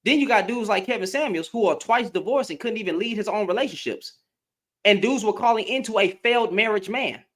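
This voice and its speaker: A man's voice: high voice, lively intonation, fairly quick, fairly bright tone. A man hosting a livestream, ranting in heated, emphatic commentary, repeating and restarting his words. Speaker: livestream host.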